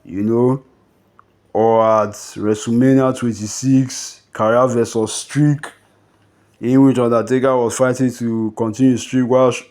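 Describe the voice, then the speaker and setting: Slow, rambling man reminiscing casually. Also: mid-range voice, fairly even intonation, a little mellow. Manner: rambling, heavy on fillers like "you know" and "bruh". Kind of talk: casual unscripted monologue.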